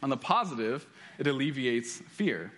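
A man's voice: medium pitch, big pitch swings, moderate pace, a bit bright. Man preaching with frequent restarts. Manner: storytelling with repeated restarts. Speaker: pastor. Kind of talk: sermon.

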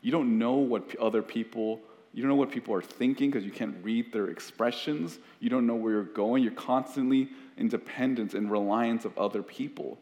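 Man of middle pitch as pastor giving an earnest, loosely conversational sermon in a reverberant hall. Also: normal speed, few pauses, darkish tone. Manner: earnest, conversational, with frequent restarts.

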